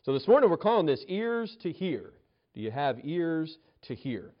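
A man's voice: on the high side, big pitch swings, normal speed, muffled recording. A male pastor preaching a sermon, telling a story with frequent restarts and acted-out quotes.

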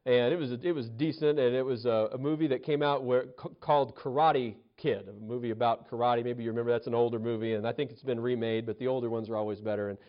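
A man's voice: medium pitch, steady tone, fast, hardly any pauses, dull audio. A male pastor preaching a sermon, telling a story with frequent restarts and acted-out quotes.

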